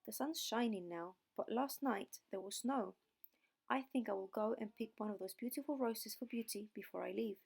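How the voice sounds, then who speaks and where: A woman's voice: mid-range voice, normal speed, creaky, a little mellow, breathy edge. A woman voicing a worried, pleading father in an audiobook reading of a fairy tale. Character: worried middle-aged father, a merchant.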